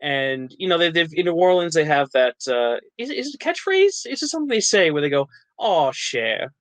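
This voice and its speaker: A man's voice: on the high side, sing-song, fast, fairly bright tone, dry recording, rough recording. A man from New Jersey, an actor and writer, chatting as a podcast guest, laughing often and restarting his sentences. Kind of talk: casual interview chat.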